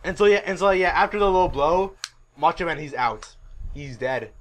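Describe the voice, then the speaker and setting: A man co-hosting a podcast, excitedly recapping a wrestling event in casual chat, swearing and laughing as he rants. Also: fairly high pitch, normal speed, slight background noise. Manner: excitable, swearing, laughs at his own rant. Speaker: podcast co-host.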